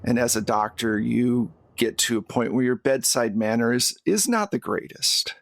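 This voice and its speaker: A man narrating a tabletop game as game master in a measured, second-person style. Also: medium pitch, creaky.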